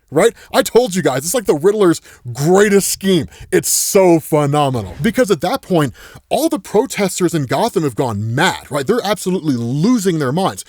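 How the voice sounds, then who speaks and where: Enthusiastic male explainer with a lively, fairly high voice and a dry, close sound. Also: moderate pace, no echo. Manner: excitable, peppers speech with "right?". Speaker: comics explainer YouTuber. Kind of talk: casual enthusiastic story recap.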